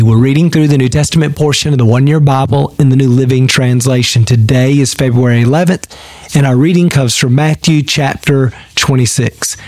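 A male pastor giving a daily devotional, reading scripture and teaching in an earnest, measured way with repeated phrases. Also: mid-range voice, a little mellow, dry recording.

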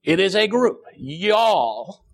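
A male pastor, preaching a sermon with emphatic repetition and dramatic pauses. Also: high-pitched, gravelly, a bit bright.

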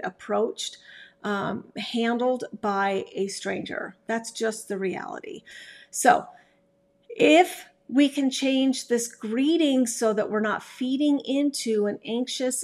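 A woman who hosts a podcast as a dog trainer, giving casual advice in a chatty, emphatic way with frequent restarts. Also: on the high side.

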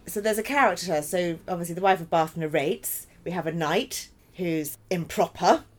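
Woman actor, guest on a chatty interview, self-deprecating and giggly, voice a bit low for a woman. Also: moderate pace. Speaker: stage actor. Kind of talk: casual interview.

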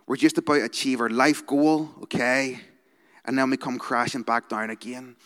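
A Northern Irish youth worker speaks to a gathered audience in an easy, conversational sermon style, tagging his points with quick "okay?" check-ins. His mid-range voice carries a long reverb tail from the large hall around him. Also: mid-range voice, a bit bright. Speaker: youth worker giving a talk. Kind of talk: informal sermon talk.

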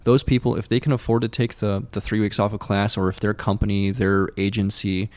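A man's voice: on the low side, level tone, fairly quick, darkish tone, dry recording. A man who works as a paramedic educator, talking casually as a guest. He uses lots of fillers and acts out his own past reactions. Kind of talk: casual conversation.

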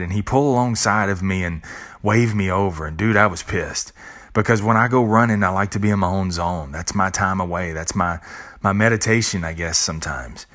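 A middle-aged podcast host with a low, fairly bright voice gives an earnest, reflective monologue. He swears bluntly and casually, restarts sentences, and repeats words.

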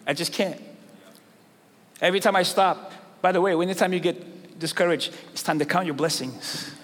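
Pastor, man, middle-aged, high voice, casual slangy preaching that swells into forceful emphasis, live church sermon. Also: normal speed. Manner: conversational preaching with slangy asides, building to loud emphatic peaks. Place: large church hall with congregation. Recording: long hall reverb, crowd faintly behind.

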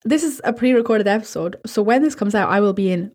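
A woman's voice: mid-range voice, animated, fast talker, hardly any pauses, a little mellow. A woman hosting a horror podcast, retelling creepy stories and then rambling casually and self-deprecatingly. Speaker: podcast host.

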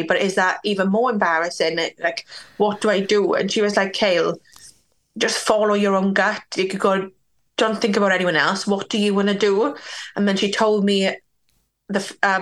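A young woman from Wales, slightly bright and medium in pitch, appears as a podcast guest and tells a personal story candidly. She peppers her speech with "like" and acts out other people's words.

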